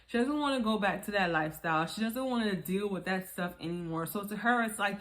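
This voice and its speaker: Animated woman recapping reality TV. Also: medium pitch, brisk. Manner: animated, acts out quotes with laughs. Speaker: reality TV reviewer. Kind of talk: casual recap commentary.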